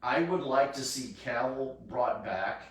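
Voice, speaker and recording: A man chatting casually as a host, pausing and restarting his sentences with many fillers. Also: mid-range voice, lively intonation, slight background noise. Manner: halting, restarts often with fillers. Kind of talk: casual chat. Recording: echoey room, far from mic.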